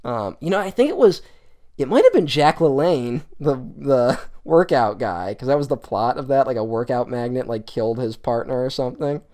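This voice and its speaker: A man's voice: mid-range voice, expressive, moderate pace, a little mellow. A man co-hosting a podcast, talking casually and enthusiastically about an old detective show. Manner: enthusiastic, quotes scenes in put-on voices, swears casually. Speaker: podcast co-host. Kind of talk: casual film podcast chat.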